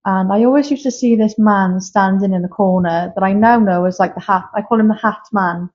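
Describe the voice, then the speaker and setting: Fairly quick and a little mellow, her mid-range voice carries candid, emotional stories from her life. She's a medium in her thirties, guesting in a casual interview filmed live in a castle room, with slightly dull lo-fi audio.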